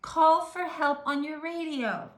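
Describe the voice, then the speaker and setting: A woman's voice: high-pitched, slow pace, pitched above the performer's own voice. A woman voicing a young boy in a storybook read-aloud, speaking urgently and pleadingly about his fish. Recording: roomy echo.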